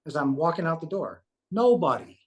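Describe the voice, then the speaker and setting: A man's voice: fairly high pitch, sing-song, brisk. A man being interviewed, telling a personal story casually and earnestly, and acting out the conversations he remembers. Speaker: interview guest recounting a near-death experience.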